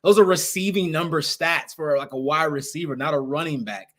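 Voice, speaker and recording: Higher-voiced young man, casual sports chat. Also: fairly quick. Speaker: podcast co-host.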